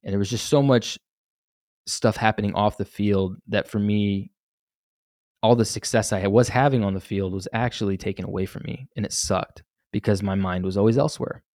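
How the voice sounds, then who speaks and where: A man's voice: on the low side, steady tone, moderate pace, darkish tone, dry recording, clean studio sound. Candid, profane young man telling his story. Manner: candid, profane, rambling with restarts. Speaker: podcast host. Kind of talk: solo podcast storytelling.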